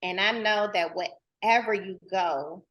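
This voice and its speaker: A woman's voice: mid-range voice, unhurried, a bit bright. A woman host talking in a heartfelt, casual way, earnest and emotional, and addressing her audience directly in informal speech. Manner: informal and folksy, full of "girl" and "y'all".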